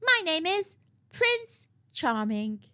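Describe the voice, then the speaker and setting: A woman reading a storybook and voicing a cheerful male prince turned into a pig, speaking slowly and pleased, on a dull lo-fi recording. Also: very high voice, very animated, pushed and bright, pitched above the performer's own voice, full character voice.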